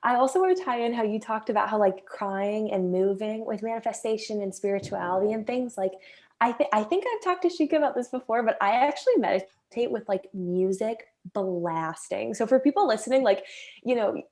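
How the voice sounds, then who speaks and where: A woman's voice: mid-range voice, fairly quick, darkish tone. Chatty young woman, filler-heavy talk. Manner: chatty, many filler "like"s, acts out her inner voice. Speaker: guest. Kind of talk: casual chat.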